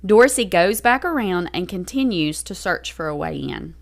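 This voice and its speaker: A woman's voice: on the low side, expressive, gravelly. A woman hosting a podcast, reading a true crime story from a script and stopping to explain details to her co-host. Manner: reads a script, pauses to explain.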